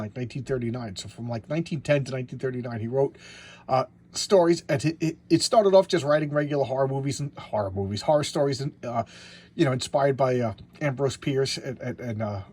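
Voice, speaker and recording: A man's voice: mid-range voice, a little fast, a little mellow, husky. A man giving casual show-and-tell commentary on a comic book. He rambles, stumbles over his words and restarts, and chuckles to himself along the way.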